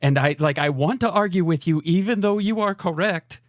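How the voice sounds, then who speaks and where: An American man co-hosts a podcast in casual chat, speaking in a high voice and a little fast. He rambles, hedges and is self-deprecating.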